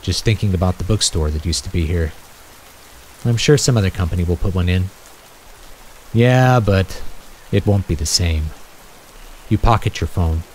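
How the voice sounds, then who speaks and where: Wry low-voiced male storyteller. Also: moderate pace, long pauses, darkish tone, slight background noise, low-quality recording. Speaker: narrator. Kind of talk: scripted second-person narration.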